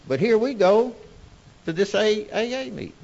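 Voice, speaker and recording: A man with a drawl speaks his testimony with wild swings in pitch, dropping nearly to a whisper and then climbing into hollering. The recording sounds muffled and lo-fi. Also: animated, moderate pace, vocal fry, a little hiss or hum. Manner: Southern-style storytelling, emotional swings from hushed to shouting. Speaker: speaker sharing recovery story. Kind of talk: personal testimony talk.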